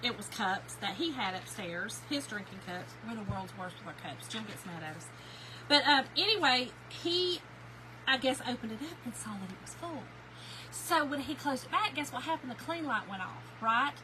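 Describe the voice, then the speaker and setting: A chatty woman hosting a craft live stream with a high voice. She talks straight to her viewers and greets them by name. Her voice sits over noticeable background noise. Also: animated, normal speed. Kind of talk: casual live-stream chat.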